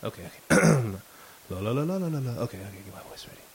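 A man's voice: medium pitch, very animated, racing, gravelly, husky. A man hosting a podcast in casual chat, teasing and sarcastic, often breaking into laughter. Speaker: podcast host.

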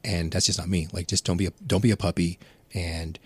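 Husky middle-aged man telling crude stories. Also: deep voice, level tone, a little fast, no room sound. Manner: rambling, profane, laughs at his own story. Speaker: podcast guest. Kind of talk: casual storytelling.

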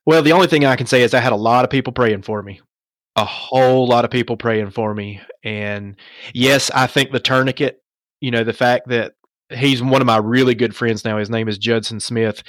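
A man recounting a personal story as a podcast guest, with lively rhetorical asides and self-questioning. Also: medium pitch, normal speed, dry recording.

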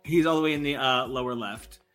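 Bright-voiced excitable male podcast host. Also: mid-range voice, fairly quick, soft background music. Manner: excitable, many fillers, joking. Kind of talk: casual podcast chat. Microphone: remote call.

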